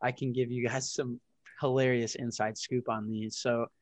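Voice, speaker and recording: A man in his twenties talks as a podcast guest, spinning fast, animated stories and acting out what others said. He swears freely and leans into the punchlines. The recording is dry and close. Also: medium pitch, no room sound. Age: 20s. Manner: animated, profane, storytelling with acted-out quotes. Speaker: podcast guest, startup founder. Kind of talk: casual storytelling interview.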